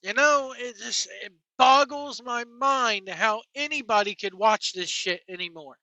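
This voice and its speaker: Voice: medium pitch, unhurried, sharp tone, no echo, dull audio. A wrestling vlogger delivering a sarcastic, profane rant to viewers. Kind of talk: ranting commentary to camera.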